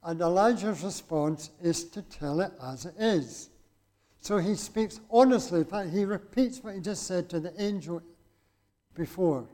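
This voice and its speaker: High-voiced man preaching a sermon. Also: unhurried, mellow. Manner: conversational, asks the listeners rhetorical questions. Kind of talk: sermon with scripture reading.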